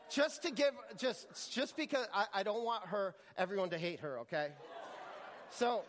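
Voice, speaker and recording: A man's voice: high voice, in a large hall. A man preaching a sermon as pastor, telling a story with frequent restarts and repeated words.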